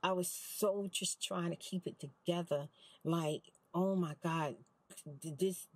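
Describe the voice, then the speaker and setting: A woman's voice: fairly low pitch, fairly even intonation, slow pace, no echo, poor audio. A middle-aged woman, telling an emphatic, exasperated storytime vlog from inside a parked car. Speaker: vlogger.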